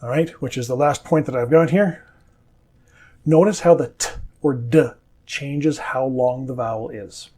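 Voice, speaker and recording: A man with a North American accent teaching English pronunciation, saying model words slowly and carefully. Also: medium pitch, mellow. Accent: standard North American. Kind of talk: scripted pronunciation lesson.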